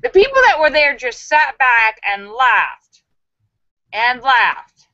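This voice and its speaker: Bright, chatty woman hosting a livestream. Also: high voice, big pitch swings, slow, no echo, lo-fi sound. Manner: chatty, laughs often, acts out quoted voices. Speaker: live-stream host. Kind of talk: casual live chat telling jokes.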